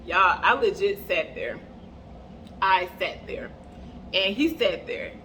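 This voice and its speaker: A young woman tells an animated storytime to her viewers, calling out to them again and again. Her voice is bright and forward, picked up on an earbud mic with a faint hiss of noise. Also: medium pitch, takes it slowly. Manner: animated, keeps addressing the audience as "y'all". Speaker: vlogger. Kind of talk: casual storytime chat while doing makeup.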